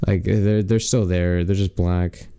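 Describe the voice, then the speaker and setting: Rambling teenage boy with a very dark, smooth voice. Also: low-pitched, flat delivery, measured pace, no room sound. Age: teens. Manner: rambling storytelling, full of "like" fillers; acts out the people in his stories. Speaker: podcast co-host. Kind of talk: casual chat.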